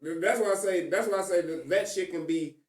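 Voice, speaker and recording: A man's voice: high voice, fairly quick, roomy sound, far from the mic. A man co-hosting a podcast in a basement studio, arguing his point in a heated, profane, casual debate and talking over the others. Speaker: podcast co-host.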